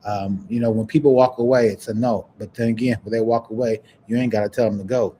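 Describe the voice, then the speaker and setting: A man hosting a podcast, chatting casually and preaching encouragement in a warm, churchy way. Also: lowish voice, fairly even intonation, fast talker, a little hiss or hum. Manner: warm, churchy, breaks into laughs and sing-song. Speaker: podcast host. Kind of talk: casual livestream chat, preachy sign-off.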